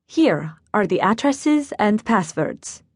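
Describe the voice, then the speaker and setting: A woman voicing an elderly German grandmother who runs an inn, with a German accent and a brisk, practical manner of giving instructions. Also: mid-range voice, big pitch swings, slightly rough, no echo, clean studio sound, exaggerated voice. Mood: instructing. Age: older. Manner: matter-of-fact, giving orders.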